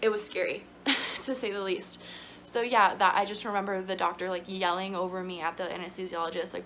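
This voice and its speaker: A woman's voice: medium pitch, steady tone, moderate pace, a bit bright, slight background noise. A young woman vlogging, telling her story in a chatty, emotional way with lots of fillers. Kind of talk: casual storytelling to camera.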